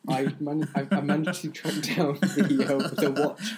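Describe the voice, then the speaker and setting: A man co-hosting a podcast, talking in a relaxed, casual way with stumbling restarts. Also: a little high, unhurried. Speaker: podcast co-host. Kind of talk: casual chat.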